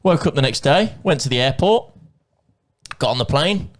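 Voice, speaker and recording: A man's voice: on the high side, animated, normal speed. A man from England, co-hosting a podcast and telling a long, rambling story full of swearing and quoted dialogue. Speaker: podcast co-host. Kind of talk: casual storytelling chat.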